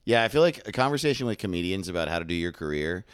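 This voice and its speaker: A man's voice: sits low, sing-song, very fast, smooth, no room sound, clean studio sound. A man co-hosting a podcast in casual chat, tired and joking, laughing often. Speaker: podcast co-host.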